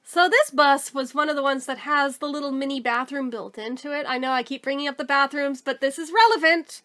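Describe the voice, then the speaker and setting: High-pitched woman, casual storytime host, animated and fed-up delivery with swearing. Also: brisk. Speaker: storytelling YouTuber.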